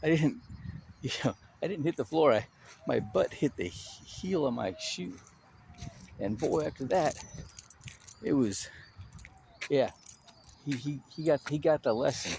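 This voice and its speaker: A man talking casually on his own channel, an animated storyteller who restarts his sentences often and stresses his points. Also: on the high side, measured pace, creaky, long pauses, a little hiss or hum.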